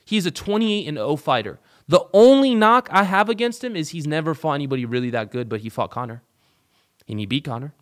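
A man hosting a casual sports talk show, animated and profane, swinging from loud outbursts to low muttered asides. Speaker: show host.

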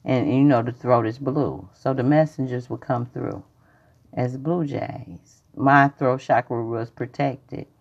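A woman's voice: a bass voice, slow, a little mellow, highs cut off. A woman hosting a rambling, preachy spiritual livestream monologue that circles back and repeats itself. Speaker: podcast host.

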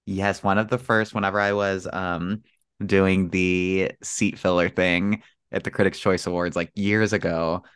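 A man with a deep voice chats as co-host on a video call, relaxed and easygoing. The sound is dry and close, with no room echo. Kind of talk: casual chat.

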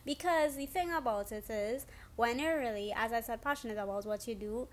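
Young trini woman chatting, highish voice, acts out quotes, gets squealy when excited. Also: brisk. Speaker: guest. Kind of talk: casual storytelling chat.

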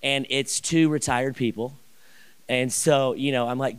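A man telling a personal story in a sermon, animated and rambling, with many restarts and asides. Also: medium pitch, unhurried, clean tone. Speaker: pastor.

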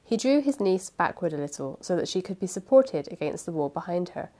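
A woman's voice: fairly low pitch, fairly quick. Woman reading an old novel aloud. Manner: chatty recap, then expressive reading. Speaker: podcast host and reader.

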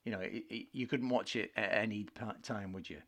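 A man, co-hosting a casual film chat podcast, opinionated and chatty, clearing his throat now and then. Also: on the low side, steady tone, brisk, fairly bright tone. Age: 50s. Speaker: podcast co-host.

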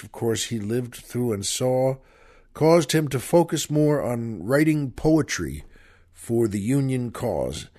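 A man's voice: medium pitch, darkish tone. A man hosting a show, chatting folksily with listeners and introducing a poem and a film. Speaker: radio show host. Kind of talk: folksy show talk and poetry reading.

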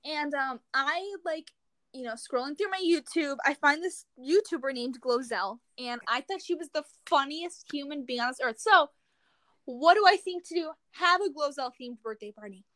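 A young adult woman co-hosting a casual chat with friends, telling stories in an animated way and laughing often. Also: sits high, moderate pace, no echo. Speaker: co-host.

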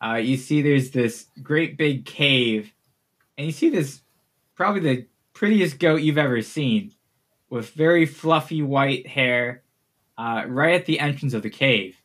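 A man runs a tabletop game at an unhurried pace. He narrates in a laid-back way, chuckling along with his players. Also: mid-range voice, a bit bright. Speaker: game master.

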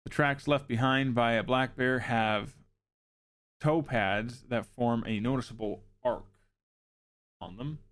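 A man's voice: medium pitch, takes it slowly, long pauses, fairly bright tone. Male host, mid-range voice, reads notes with wry asides. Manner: wry, joking asides between read facts. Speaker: show host. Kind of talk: reading informational notes with casual asides.

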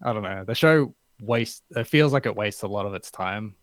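A man's voice: on the low side, moderate pace, no room sound. A man in casual chat who hedges a lot, filling with "like" and "I don't know". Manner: hedging, fills with "like" and "I don't know".

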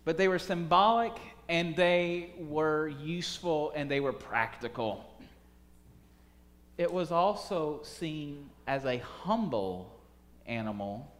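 A man preaching a sermon, swinging from soft, quiet phrases to loud, urgent calls. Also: fairly high pitch, slow, long reverb tail. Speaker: pastor.

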